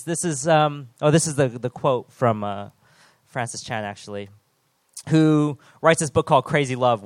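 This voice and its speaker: A man's voice: on the high side, no echo. A man preaching an earnest, conversational sermon with self-deprecating asides.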